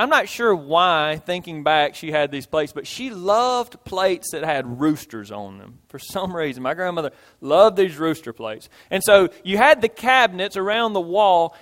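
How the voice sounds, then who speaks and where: A man's voice: high-pitched, a bit bright. A male pastor, preaching a sermon in a folksy way, with homey stories and emphatic repetition.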